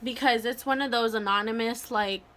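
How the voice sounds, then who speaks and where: A young adult woman casually telling a storytime vlog, animated and full of "like" and acted-out quotes. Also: a little high, moderate pace. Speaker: vlogger.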